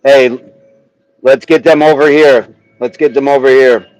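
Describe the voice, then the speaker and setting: A man hosting a casual livestream outdoors, chatting with his viewers, reading their comments aloud and slowly sounding out words. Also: mid-range voice, fairly even intonation, darkish tone, faint music behind, poor audio. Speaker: livestream host. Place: outdoors, windy, a tree behind him.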